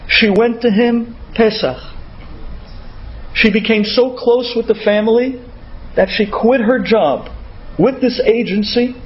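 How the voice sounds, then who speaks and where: A male rabbi telling an inspirational story in an animated way, sprinkling in Hebrew words. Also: high voice, slow pace, highs cut off, a little hiss or hum.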